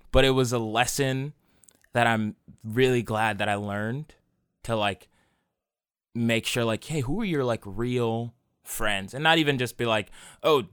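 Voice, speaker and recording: Rambling, swearing young man, smooth voice. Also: medium pitch, fairly bright tone, no echo, clean studio sound. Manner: rambling storyteller, swears a lot, many restarts. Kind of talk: casual chat.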